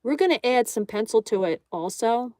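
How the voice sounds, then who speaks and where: A woman's voice: a little high, expressive, normal speed, darkish tone, no room sound. A woman hosting a live art stream in a casual way, reading viewer comments aloud and greeting each viewer. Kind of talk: casual live-stream chat while drawing.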